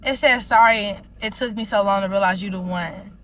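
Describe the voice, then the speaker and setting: A woman's voice: medium pitch, moderate pace, a bit bright, rough recording. Rambling woman giving a tarot reading. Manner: rambling, heavy use of "like" fillers. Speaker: tarot reader.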